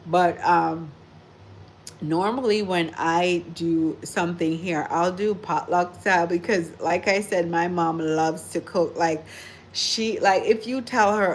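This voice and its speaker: Woman with a low voice rambling on a casual livestream, lots of "like" and "you know". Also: steady tone, a little slow, slight background noise. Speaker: livestream host.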